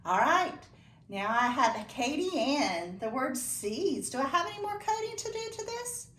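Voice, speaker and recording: Woman, phonics teacher for young kids; higher, animated voice, patient and full of praise; roomy echo. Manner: encouraging, slow and deliberate, praising pupils. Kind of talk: phonics lesson for young children.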